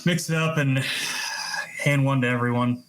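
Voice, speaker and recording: A man's voice: mid-range voice, steady tone, normal speed, a bit bright, slight background noise, low-quality recording. A man playing a tabletop game, describing his actions with dry humor. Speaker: player. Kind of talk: casual tabletop play.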